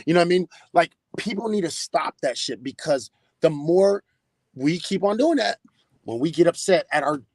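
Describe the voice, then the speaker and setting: Male podcast host, high and raspy, swearing hard, dry close sound. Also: lively intonation, normal speed, darkish tone, no room sound. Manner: profane, emphatic ranting. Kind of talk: casual podcast commentary.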